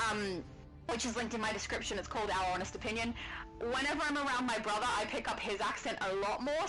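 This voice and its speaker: A woman's voice: fairly high pitch, low-quality recording. An Australian woman rambling and laughing as she chats with viewers while streaming a game. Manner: rambling, chatty, laughs often. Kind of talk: casual live-stream chat while gaming. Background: game music.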